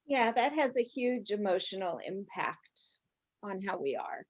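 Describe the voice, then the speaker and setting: Woman, mid pitch, soft sympathetic replies, video call. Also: animated, a little slow, highs cut off. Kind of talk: empathetic video-call chat.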